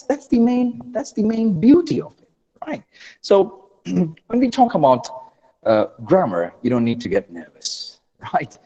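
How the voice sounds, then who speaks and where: An energetic man teaches a live online class, urging learners to answer fast in the chat. His voice sits a bit high but mellow. It comes over a dull, lo-fi call line with a long, hollow echo. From India. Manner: energetic, repeats phrases, prods learners for quick chat replies. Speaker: online English trainer.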